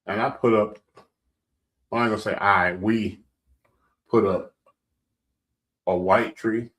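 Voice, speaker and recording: A man's voice: lowish voice, steady tone, slow pace, fairly bright tone. A man co-hosting a casual radio talk show, asking questions and telling stories. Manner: storytelling, asks leading questions. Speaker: radio co-host.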